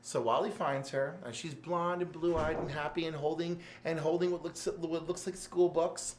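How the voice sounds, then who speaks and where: A man co-hosting a casual comics podcast, retelling scenes with excited storytelling and quick jumps into character voices. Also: a little high, a little hiss or hum. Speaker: podcast co-host reviewing comics. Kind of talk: animated casual chat, acting out scenes. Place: game store.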